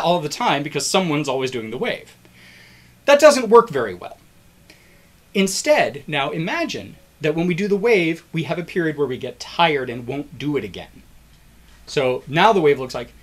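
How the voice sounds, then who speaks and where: Brisk and fairly high-pitched, a male lecturer leads a recorded biology class, breaking concepts into steps. He's lively and supportive of his students, performing the cheers of a crowd doing the wave to illustrate his point.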